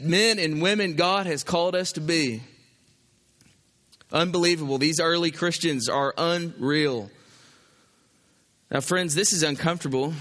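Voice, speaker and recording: High, bright-voiced pastor preaching. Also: male voice, in a large hall. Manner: animated, acts out an imagined objector. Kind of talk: sermon.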